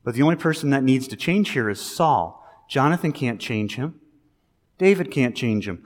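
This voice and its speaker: A male pastor giving a sermon, talking in a conversational, animated way that rises into emphasis. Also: mid-range voice, normal speed. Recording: long reverb of a large hall.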